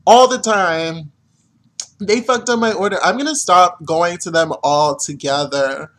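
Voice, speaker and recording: A man's voice: sits high, fairly bright tone. A young man venting to camera in an exasperated, profane rant, complaining as a vlogger. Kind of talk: ranting to camera.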